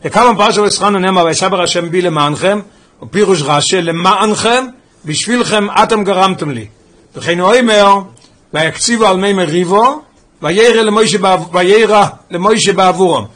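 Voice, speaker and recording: A man leading a text study class, reading quickly from a Hebrew text and explaining it in English. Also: high-pitched, a bit bright. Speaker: Torah class teacher.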